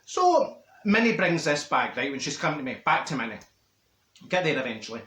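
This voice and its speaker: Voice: medium pitch, big pitch swings, normal speed, fairly bright tone, roomy sound. A performer playing a rambling, wisecracking Scottish woman who tells meandering comic stories to camera. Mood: chatty. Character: chatty gossipy Scottish woman named Marjorie. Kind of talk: comedic character monologue to camera.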